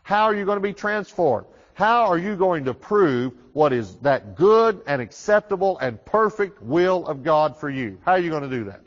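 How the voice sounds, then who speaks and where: A male pastor with a slightly high voice preaches animatedly and conversationally, stumbling and repeating words while building his points. He drives key phrases loud and slow, then slips into quick, hushed asides, all captured in a muffled recording with long reverb from a large hall.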